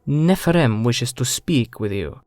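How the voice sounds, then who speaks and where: A man's voice: mid-range voice, animated, unhurried, a little mellow, no echo, natural voice. A man voicing a stout older temple matron who speaks formally in a sing-song way.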